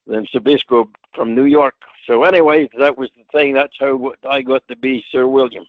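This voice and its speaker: A man's voice: medium pitch, fairly even intonation, normal speed, no echo, phone-quality sound. An older man from Scotland, a retired wrestler guest, telling colloquial stories in an interview and acting out the people he quotes. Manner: colloquial, anecdotal, acts out quotes. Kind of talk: storytelling interview.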